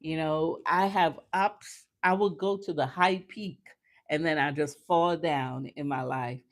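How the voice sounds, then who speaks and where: Slow-talking low-voiced woman host. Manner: animated personal storytelling, laughs often; earnest, faith-filled. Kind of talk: casual chat.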